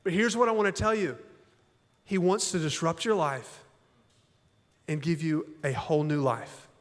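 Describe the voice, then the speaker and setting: A man's voice: fairly high pitch, normal speed. A man preaching a sermon as a pastor, in a folksy, conversational way full of rhetorical questions. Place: church auditorium. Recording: long church hall reverb.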